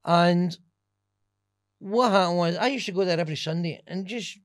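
A man's voice: high-pitched, normal speed, no echo, studio quality. A Scottish man, a stand-up comedian, telling swear-laden stories in a casual podcast chat. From Scotland. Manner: animated, swearing, laughing storyteller.

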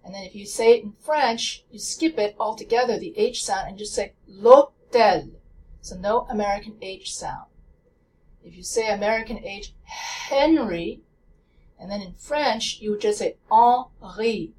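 A woman teaching a pronunciation lesson, speaking slowly and deliberately and repeating example words. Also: medium pitch, recorded from a distance, a little hiss or hum, rough recording. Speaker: language teacher.

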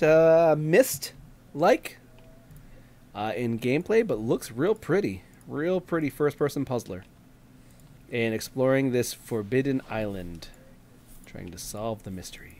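A man co-hosting a casual gaming podcast, playful and quick to laugh while reading out game blurbs. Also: medium pitch, darkish tone. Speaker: podcast co-host.

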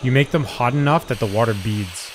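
A man's voice: medium pitch, fairly quick, noisy background. Curious chatty man reacting to videos. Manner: chatty, curious, hedging with fillers. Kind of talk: casual reaction chat.

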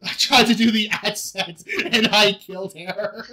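A man's voice: sits high, fairly even intonation, measured pace, pushed and bright. A young man hosting a casual podcast chat, laughing and poking fun at himself. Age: young adult. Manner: laughing, self-deprecating, flustered. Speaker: podcast host.

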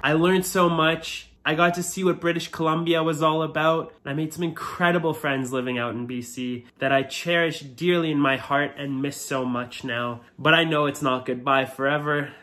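A man's voice: fairly high pitch, fairly even intonation, normal speed, few pauses, sharp tone. A man who creates videos about keeping reptiles, looking back on his year in an earnest, grateful way, his voice slightly muffled from a cold. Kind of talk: reflective year-in-review vlog.

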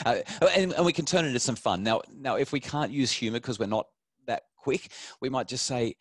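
Man telling lively parenting stories. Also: mid-range voice, a little fast, no room sound, clean studio sound. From Australia. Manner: animated storyteller with many restarts. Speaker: parenting expert. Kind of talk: talk to an online audience.

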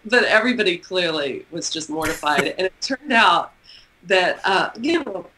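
A middle-aged woman from Texas, telling a story as an interview guest, lively and expressive and laughing often. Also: lowish voice, moderate pace, a little hiss or hum, low-quality recording. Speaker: guest author.

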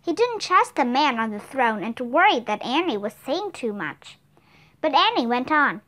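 A woman narrates a children's story with animated expression. Her voice sits high and moves a great deal in pitch. The delivery is clear storytelling. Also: normal speed. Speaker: reader. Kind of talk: audiobook narration.

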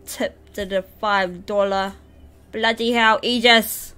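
A woman's voice: mid-range voice, steady tone, slow pace, sharp tone, clean tone. A young woman streaming a game live, reading its dialogue aloud and laughing often as she chats with viewers. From New Zealand. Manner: giggly, chatty with viewers, reads game lines in a playful voice.

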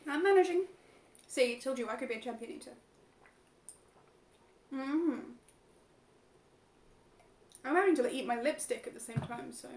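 A woman's voice: sits high, lively intonation, normal speed, pauses often, a little mellow, slight background noise. Giggly woman eating on stream. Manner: chatty, giggly, talks with her mouth full. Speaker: mukbang co-host. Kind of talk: casual chat while eating on a livestream. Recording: roomy echo.

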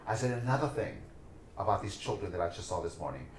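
Low-pitched and sing-song, this fast-talking man comes across poorly, with roomy sound and a little hiss or hum. He's a dancer and teacher guesting on a podcast, telling lively, passionate stories and acting out each person's voice.

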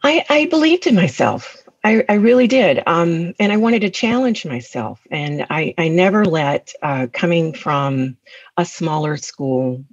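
Tennessee woman with husky voice. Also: on the low side, a little slow, dry recording, muffled recording. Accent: Southern US, Tennessee. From West Tennessee, USA. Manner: frequent laughter, animated storytelling. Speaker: guest. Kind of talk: interview, personal storytelling.

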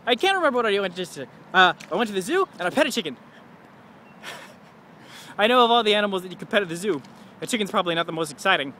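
High, bright-voiced joking man in his twenties. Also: sing-song, fast, long pauses, slight background noise. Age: 20s. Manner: goofy, self-mocking, chatty, laughs at his own jokes. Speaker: vlogger. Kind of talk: rambling comedic video diary.

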